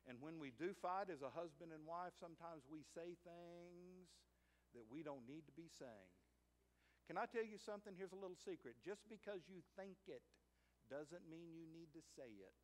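A Southern pastor preaches a sermon in his church. His voice sits a little high for a man, and he tells homespun stories in a relaxed, folksy way, repeating words as he starts a thought. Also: normal speed. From United States. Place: church sanctuary.

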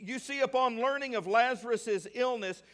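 A male pastor from the American South preaching a sermon. He reads scripture at length and asks the congregation questions that he then answers himself. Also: very high-pitched. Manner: reads scripture aloud at length, slowing on key words; bursts into excitement.

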